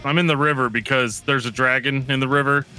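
Casting: male podcast co-host, sharp bright tone, playful teaser. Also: mid-range voice, fairly even intonation, a little fast, clean tone, faint music behind. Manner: joking, teasing, playful. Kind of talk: casual chat.

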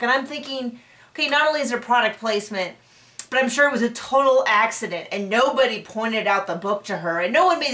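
A woman's voice: high voice, fairly bright tone, far from the mic. A young woman recapping a reality TV episode in casual commentary, sarcastic and exasperated, now and then mocking people in put-on voices. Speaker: recap reviewer.

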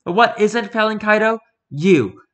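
A man's voice: high voice, lively intonation, a little slow, a bit bright, voice pushed up. A man voicing a tough female agent who speaks with urgent, pleading insistence. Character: fierce female agent, woman in middle age.

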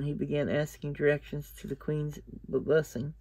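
A man reading a fantasy novel aloud in an even, steady way, now and then restarting a sentence. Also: a little high, moderate pace, dry recording, highs cut off. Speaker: audiobook reader.

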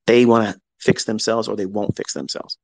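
A man's voice: lowish voice, fairly even intonation, normal speed, vocal fry, darkish tone, no room sound, rough recording. A man in his fifties hosting a live audio chat, telling a personal story in a blunt, profane way and acting out both sides of old arguments. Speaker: host.

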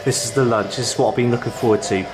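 A man casually narrating a travel vlog outdoors, chatty, excitable and jokey. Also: medium pitch, very fast. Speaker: vlogger exploring abandoned places. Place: outdoors in an abandoned zone.

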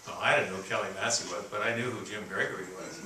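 Halting older man telling stories, roomy hall. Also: on the low side, pushed and bright, a little hiss or hum. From Canada. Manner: folksy, halting, many fillers and restarts. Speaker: keynote speaker. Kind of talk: storytelling speech. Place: conference hall. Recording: roomy, distant venue recording with faint ambience.

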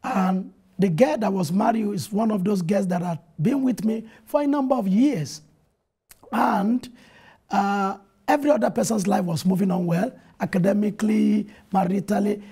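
A man in a TV studio interview shares his experiences as a pastor. His voice is dark and mellow with a strongly husky, raspy grain. He preaches earnestly, quoting scripture and retelling events with animation. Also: high-pitched. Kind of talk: testimony in a TV interview.

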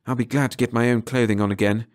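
A man's voice: medium pitch, steady tone, fast talker, a little mellow, lightly acted. A man voicing an uneasy young companion in a storybook reading, speaking plainly and asking questions.

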